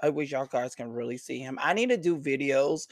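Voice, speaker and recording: A man hosting a casual podcast with friends, telling stories in a profane, excitable way. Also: medium pitch, brisk, dry recording, clean studio sound. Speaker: podcast host. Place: vacation house.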